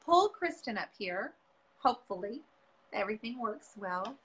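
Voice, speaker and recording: A woman's voice: medium pitch, animated, normal speed, a bit bright, slightly rough. A woman hosting a casual craft livestream, chatty and upbeat, talking straight to her viewers over a video call. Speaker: host of a painting livestream.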